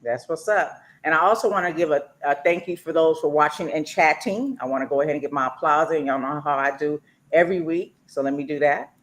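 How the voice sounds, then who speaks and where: A woman's voice: low voice, fairly quick, slight background noise. A woman hosting a talk show, chatty and loose, with many fillers. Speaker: radio show host.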